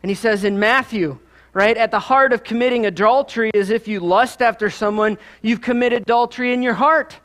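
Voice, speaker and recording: A man's voice: high-pitched, fairly quick, fairly bright tone. A man with a Midwestern American accent, preaching a sermon in a conversational, storytelling way with asides. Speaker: pastor.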